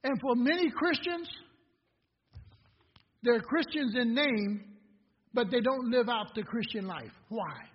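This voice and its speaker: A man preaching a sermon as a pastor, asking the congregation questions and swinging between hushed passages and loud, building lines. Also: extremely high pitch, lively intonation, slow pace, pauses often, slightly rough. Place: church sanctuary. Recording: dull lo-fi recording in a reverberant hall.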